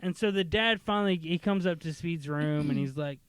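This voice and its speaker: A man tells a made-up movie plot in loose podcast chat, breaking into short character voices. His voice sits a little high and sounds smooth and clear. The sound is dry and close, with no room around it. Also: a bit bright, dry recording. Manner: rambling, acts out characters in quick bursts. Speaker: podcast host pitching movie ideas. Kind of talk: casual chat, storytelling.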